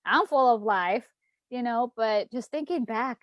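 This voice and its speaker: A woman in her thirties, a political candidate, chats on a late-night livestream. She laughs often between phrases. Her voice sits a little high and sounds dry and close. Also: measured pace, dry recording, dull audio.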